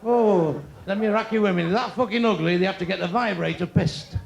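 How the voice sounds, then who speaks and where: A man's voice: high-pitched, brisk, creaky, lo-fi sound. A man in his sixties doing crude live stand-up, brashly teasing people in the audience. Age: 60s. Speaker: stand-up comedian. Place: comedy club stage before a live audience. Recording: noisy live room with crowd laughter.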